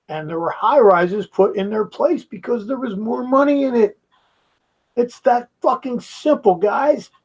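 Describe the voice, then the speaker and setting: A man's voice: high-pitched, breathy edge, lo-fi sound. A man giving a heated, profane reaction commentary, mocking the video he is watching.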